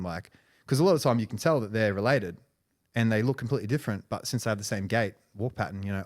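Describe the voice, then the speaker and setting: A man with a lowish voice speaks as a podcast guest. He tells his story casually, rambling and restarting phrases as he goes. His speech is dotted with "you know" and "right". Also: fast, a little mellow.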